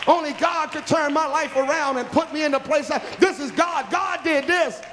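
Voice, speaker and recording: Preacher, man, high tenor, impassioned sermon, roomy reverb. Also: moderate pace, some chatter behind. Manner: impassioned, climbing into shouts. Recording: reverberant hall.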